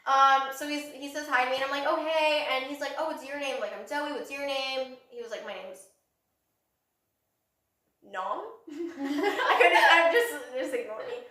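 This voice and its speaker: A woman's voice: sits high, normal speed, bright, forceful tone. A young woman co-hosting a casual gossip chat, telling stories with lots of "like" and giggles. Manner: chatty storytelling, lots of "like", giggly. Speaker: podcast co-host. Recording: very echoey room, mic at a distance.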